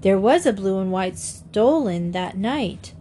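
A woman's voice: medium pitch, animated, takes it slowly, dark tone, slight background noise. A woman voicing an eager, curious teenage girl detective. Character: teen girl Trixie, curious and eager sleuth.

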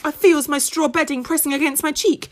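A woman's voice: high-pitched, steady tone, a little fast. A woman narrating a children's story expressively in the first person, using childlike grammar. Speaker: audiobook narrator.

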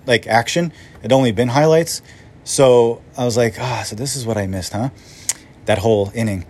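A middle-aged man hosts his own podcast and tells a personal story in a loose, conversational way. He rambles, restarts sentences and jumps between thoughts with animated energy. His voice sits at an ordinary pitch for a man. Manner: rambling, self-interrupting, animated. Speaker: podcast host. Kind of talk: casual storytelling monologue.

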